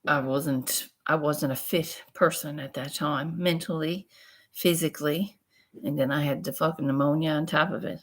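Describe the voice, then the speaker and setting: A woman's voice: low voice, steady tone, moderate pace. A woman vlogger telling a personal story in a frank, rambling, profane way. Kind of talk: casual storytelling vlog.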